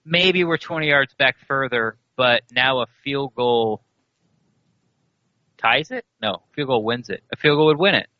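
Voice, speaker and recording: A man co-hosting a sports podcast, rambling and animated, laughing as he talks. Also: mid-range voice, a little slow, no room sound. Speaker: podcast co-host. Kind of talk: casual sports chat. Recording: dry, slightly dull podcast audio.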